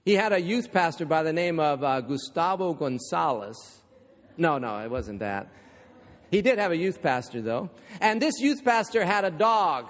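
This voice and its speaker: A man's voice: a little high, sing-song, moderate pace. A man preaching a sermon, telling a story with rhetorical questions and humorous asides. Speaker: pastor. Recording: long reverb of a large hall.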